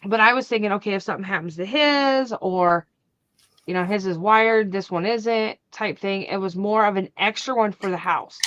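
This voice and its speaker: A woman hosting a crafting channel, chatting casually and acting out the family arguments in her story with lively energy. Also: mid-range voice, normal speed, no echo, muffled recording. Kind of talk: casual chat.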